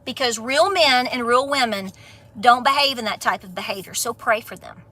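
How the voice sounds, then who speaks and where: Appalachian woman vlogger, folksy and sassy, high bright voice. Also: moderate pace, slight background noise. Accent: Southern Appalachian. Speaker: homestead vlogger. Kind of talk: casual rant to camera.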